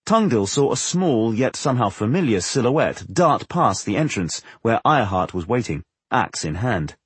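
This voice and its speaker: A man reading a fantasy novel aloud as narrator, in a measured, expressive storytelling manner. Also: medium pitch, husky, dry recording. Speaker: audiobook narrator. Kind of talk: scripted narration.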